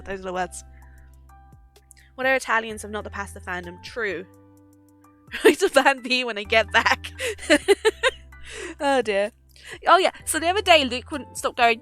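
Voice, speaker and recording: Young female streamer, bright and animated, giggly and foul-mouthed, desk-mic home setup. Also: sits high. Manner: giggly, swears freely, chats with viewers. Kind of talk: casual live-stream chat.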